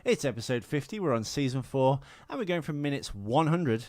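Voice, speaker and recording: This is a young man, hosting a casual podcast. He talks in a middling pitch with a wry, teasing edge. The sound is close and dry, with no room echo. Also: lively intonation, fairly quick, darkish tone. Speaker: podcast host.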